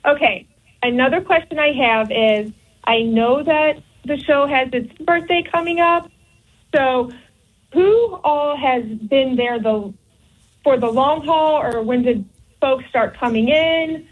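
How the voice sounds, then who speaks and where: A woman's voice: sits high, slow pace, husky. A woman calling in to a radio show, polite and eager to ask her questions. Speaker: caller. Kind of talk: call-in radio chat. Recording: tinny phone line.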